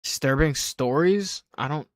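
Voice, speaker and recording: A man's voice: on the high side, unhurried, dry recording, clean studio sound. Blunt, offhand male streamer. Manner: blunt, offhand, swears freely. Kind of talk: casual livestream commentary.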